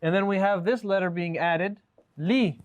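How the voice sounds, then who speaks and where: A man teaches a live online class, asking question after question and gently correcting answers. His voice sits a little high for a man, and the sound is muffled and lo-fi, like call audio. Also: moderate pace. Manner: patient, questioning, switches between English and Arabic terms. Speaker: Arabic teacher.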